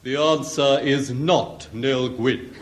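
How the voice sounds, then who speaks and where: A man's voice: medium pitch, slow, lightly acted. A man playing a pompous, lecturing headmaster in a 1960s radio sitcom. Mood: exasperated. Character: pompous schoolmaster, middle-aged, easily exasperated. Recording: old radio broadcast with studio audience laughter and hiss.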